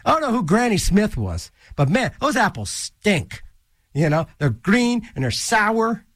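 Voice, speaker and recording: A man's voice: high voice, wildly swooping pitch, measured pace, a bit bright, no room sound. A man hosting a college radio show, rambling through goofy jokes and asides between songs in a small studio. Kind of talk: casual radio DJ patter. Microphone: studio mic.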